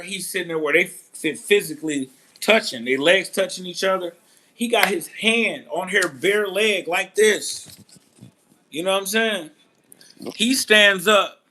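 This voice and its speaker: A man's voice: high voice, sharp tone. A man hosting a boxing channel, telling a story in casual commentary with a laid-back manner, acting out quotes now and then.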